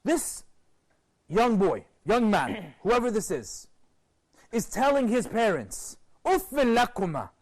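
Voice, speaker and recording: A man presenting a TV program, giving an expressive motivational lecture to a group and asking rhetorical questions. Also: slow. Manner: expressive, rhetorical questions, sweeping pitch swings.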